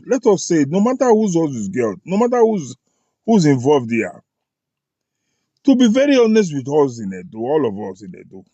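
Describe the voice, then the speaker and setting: A man from Edo State, Nigeria, speaks with a Nigerian accent and drops in Pidgin phrases as he delivers emphatic political commentary to camera, speaking straight to his listeners and filling pauses with "uh." His voice sits a little high, with big pitch swings and a mellow tone carrying a breathy edge. The recording is dry and the audio sounds dull.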